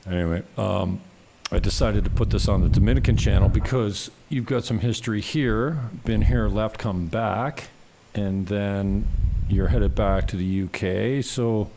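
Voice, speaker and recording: A man's voice: fairly low pitch, a little slow, creaky, hardly any pauses, dark tone, a little hiss or hum. A Canadian man hosting a casual live-stream chat, telling rambling stories with swearing and laughter. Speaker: host.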